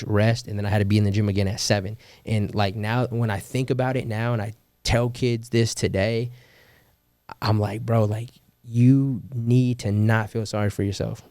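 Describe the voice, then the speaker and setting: A man's voice: on the low side, darkish tone, no room sound. Podcast guest, young man from California, slangy and profane storyteller, dry close sound. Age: young adult. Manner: slangy, swears, laughs often, quotes people. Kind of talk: casual storytelling.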